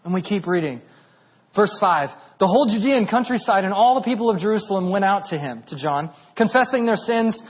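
Animated high-voiced male preacher. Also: a little fast, highs cut off. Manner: animated, rising to near shouting at peaks. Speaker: pastor. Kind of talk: sermon.

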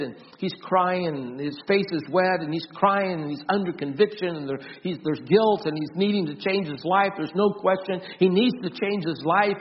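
A man preaching a sermon as pastor, earnest, often repeating and restarting words, swinging from loud emphasis to soft, quiet storytelling. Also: a little high, highs cut off, slight background noise. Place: church.

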